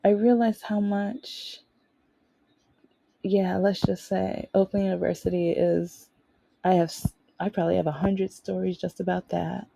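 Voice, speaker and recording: Rambling woman, dark husky voice. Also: fairly low pitch, little pitch movement, unhurried, no room sound, low-quality recording. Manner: rambling, with frequent restarts and quoted dialogue. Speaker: podcast host. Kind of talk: casual storytelling monologue.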